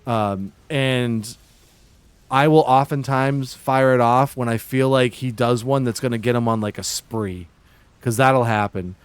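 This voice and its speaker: A man's voice: mid-range voice, a little slow, clear, resonant tone, no room sound. A man from Massachusetts livestreaming, chatting with viewers in an exaggerated put-on Boston-New York accent and playfully ribbing them. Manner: joking, playfully ribbing chat. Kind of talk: casual livestream chat.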